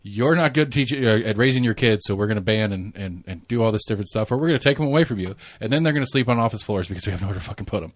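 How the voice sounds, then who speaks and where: A podcast host with a Southern US accent and a lowish voice hosts a casual conversation, talking animatedly at a racing pace with few pauses. Recorded dry, he rambles and swears, restarting his sentences often.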